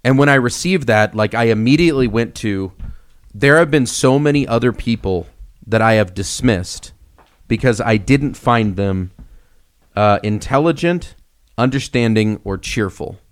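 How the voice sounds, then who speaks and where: A young man co-hosting a casual podcast, telling stories with lively swings and acting out the voices in them. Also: mid-range voice, unhurried, clean tone. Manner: animated storyteller, acts out quoted voices. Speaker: podcast co-host.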